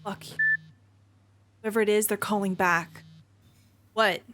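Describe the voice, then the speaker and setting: A woman's voice: mid-range voice, fairly even intonation, takes it slowly, background noise. A woman playing a tabletop roleplaying game, speaking tersely and matter-of-factly in character. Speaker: player.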